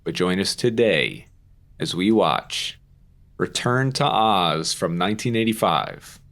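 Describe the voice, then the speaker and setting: A man's voice: sits low, animated, slow pace, vocal fry, a bit bright. A young man co-hosting a podcast in a casual chat, rambling and chatty with lots of "like" and the odd curse word. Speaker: podcast co-host.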